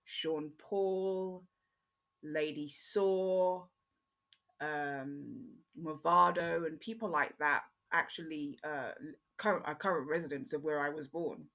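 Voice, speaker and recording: A woman born in Jamaica, speaking with an English accent, hosting her own podcast in a chatty, rambling way with frequent pauses. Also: sits low, steady tone, fairly bright tone. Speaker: podcast host. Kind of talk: casual solo podcast chat.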